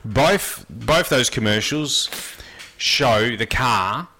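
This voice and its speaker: A man's voice: medium pitch, lively intonation, drawn-out words, pushed and bright. A man co-hosting a casual talk show, chatty and laughing as he talks. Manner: chatty, laughs while talking. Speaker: radio co-host. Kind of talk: casual chat.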